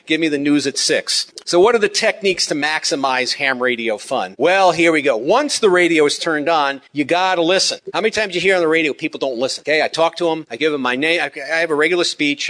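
A man's voice: on the high side, brisk, few pauses, a bit bright. A man giving a humorous, chatty talk to radio hobbyists, teaching with emphatic asides and frequent restarts. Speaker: ham radio presenter and teacher.

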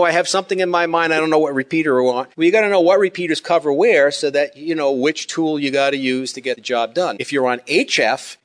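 A man's voice: mid-range voice, fairly bright tone. A man giving a humorous, chatty talk to radio hobbyists, teaching with emphatic asides and frequent restarts. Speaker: ham radio presenter and teacher.

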